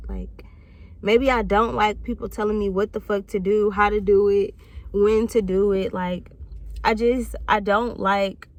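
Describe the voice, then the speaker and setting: Blunt, profane woman in her thirties. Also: medium pitch. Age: 30s. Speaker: channel host. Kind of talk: candid vlog monologue.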